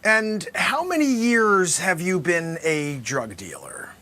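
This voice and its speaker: Man, comedy sketch host, mock lawyer, theatrical, high-pitched. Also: big pitch swings, slow pace. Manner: theatrical, bursts into loud exclamations. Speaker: host playing a courtroom lawyer.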